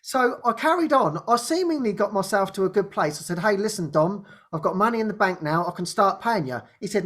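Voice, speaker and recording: A male host of a spiritual talk show recounts a personal story in a loose, chatty way. He laughs freely and slips into the voices of the people he quotes. His telling is lively and unscripted. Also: high voice, fairly quick, hardly any pauses. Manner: animated, laughs often, acts out quoted dialogue.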